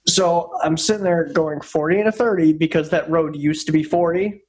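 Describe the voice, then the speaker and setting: A man's voice: on the high side, steady tone, normal speed, darkish tone, slightly rough. Profane rambling podcast storyteller man. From Upstate New York. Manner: profane, rambling storyteller who repeats himself. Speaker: podcast co-host. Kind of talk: casual chat.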